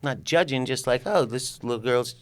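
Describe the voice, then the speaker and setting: Here an older man from California tells a story as a podcast guest, relaxed and lively, playing out other people's lines and cursing occasionally. His pitch is medium and his speed normal.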